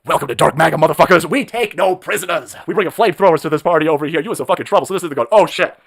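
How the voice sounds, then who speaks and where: A man hosting a live stream, ranting in a profane, mocking way and shouting often. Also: on the high side, rapid-fire, gravelly. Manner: profane, mocking, shouting rants with mimicked voices.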